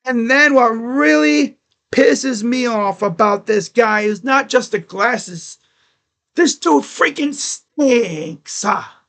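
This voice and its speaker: Brief: fed-up male sports vlogger, high pitch, slow deliberate delivery, mocking and profane. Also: gravelly, a bit bright. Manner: exasperated, mocking, swears. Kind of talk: casual sports rant.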